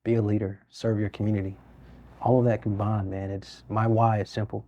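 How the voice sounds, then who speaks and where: A man, speaking in an earnest, reflective way as a guest in a studio interview. His voice sits low and mellow, and his pitch stays fairly flat and even as he talks. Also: fairly quick, muffled recording. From Birmingham, Alabama. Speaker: mayor. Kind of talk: interview conversation.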